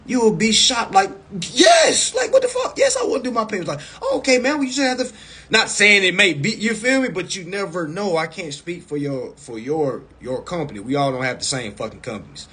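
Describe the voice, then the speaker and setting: A man coaching viewers in a casual live stream over a phone mic, blunt and profane, repeating himself and breaking into loud, emphatic bursts. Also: high-pitched, big pitch swings, normal speed, breathy edge.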